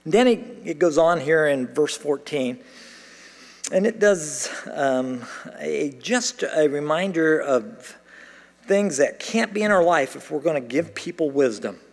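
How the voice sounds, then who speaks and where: A man's voice: fairly high pitch, animated, unhurried, vocal fry. A middle-aged man preaching a sermon as pastor, telling a story animatedly and acting out the dialogue. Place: large church sanctuary. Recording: long hall reverb.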